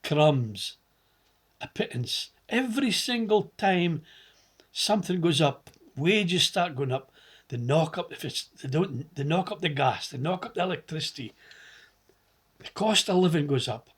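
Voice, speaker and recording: A man's voice: a little high, expressive, normal speed, slightly rough. Middle-aged Scottish man, passionate political rant, hammers words through repetition. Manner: ranting, repeats words for emphasis. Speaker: political commentator. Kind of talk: impassioned political monologue.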